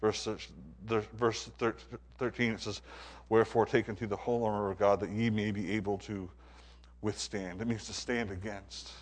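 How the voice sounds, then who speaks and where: A man preaching a sermon, animated, swinging between quiet stretches and loud, emphatic builds, often repeating words as he presses a point. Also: on the low side, normal speed.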